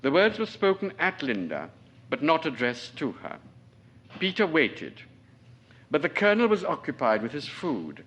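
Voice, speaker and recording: A novelist in his forties from Trinidad, reading his own fiction aloud at a lecture in a measured, deliberate way. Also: on the high side, huge pitch swings, a bit bright. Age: 40s.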